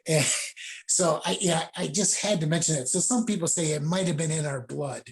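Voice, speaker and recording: A man's voice: on the high side, moderate pace. A middle-aged man, a judo sensei, telling rambling stories casually on a video call. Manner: rambling anecdotes with laughs and acted quotes.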